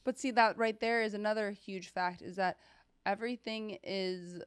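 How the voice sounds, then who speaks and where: A woman's voice: mid-range voice, steady tone, normal speed, clear, resonant tone, no echo. A woman hosting a podcast, restating her guest's points with emphasis. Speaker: podcast host. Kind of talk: casual podcast chat.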